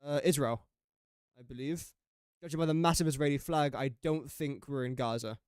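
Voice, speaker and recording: A young man talks through a live game stream, musing aloud and poking fun at his own mistakes. His voice sits a little high and comes across smooth and clear. The sound is dry and close, with no room around it. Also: normal speed, a little mellow, no room sound. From England. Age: young adult. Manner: chatty, jokey and self-mocking, thinking aloud. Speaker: gaming streamer. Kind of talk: casual live-stream commentary.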